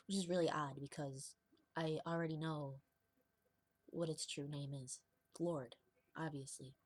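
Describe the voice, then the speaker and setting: A woman's voice: low voice, steady tone, unhurried, no room sound. A young woman talking in a rambling, confessional vlog, laughing often and dropping into whispers. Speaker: vlogger. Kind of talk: confessional casual monologue.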